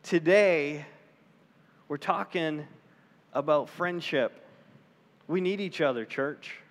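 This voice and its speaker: A man with a high voice preaches a sermon, telling a story with animated, acted-out voices. His voice rings with the long reverb of a large hall. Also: takes it slowly. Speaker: pastor.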